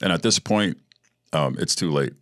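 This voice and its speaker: This podcast host's voice sits low but sounds a bit bright and expressive, moving at normal speed in a clean studio with no echo. He recounts his own stories bluntly and casually, cursing freely and chuckling throughout.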